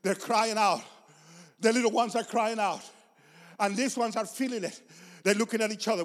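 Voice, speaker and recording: A man's voice: sits high, lively intonation, normal speed, long reverb tail. A man preaching a sermon with passion and emphasis, repeating phrases to drive his points home.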